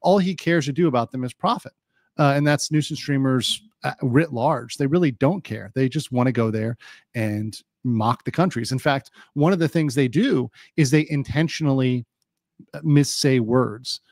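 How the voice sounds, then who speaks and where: A man's voice: mid-range voice, normal speed, darkish tone, dry recording, studio quality. A man doing casual live-stream legal commentary, chatty with lots of fillers, reading viewer chat aloud and a little hiccupy. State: has the hiccups.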